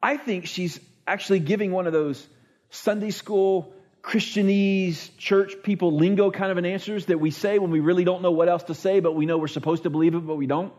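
A man's voice: high voice, steady tone, fairly quick, darkish tone. A man preaching a conversational sermon, earnest and plain-spoken, often restarting his thoughts and acting out what people say. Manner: earnest, repeats words while restarting thoughts; acts out quoted speech with voices. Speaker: pastor.

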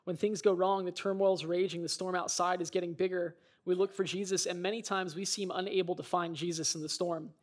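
A man's voice: high-pitched, flat delivery, fairly quick, hardly any pauses. A man preaching a sermon, earnest and reflective, telling stories and speaking in quoted voices. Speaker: pastor.

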